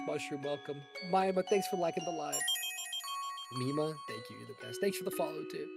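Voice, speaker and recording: A man's voice: a little high, brisk, vocal fry. A man streaming a game live, reacting emotionally and thanking his chat. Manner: emotional, excitable, addresses chat. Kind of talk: live gaming commentary. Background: loud game music.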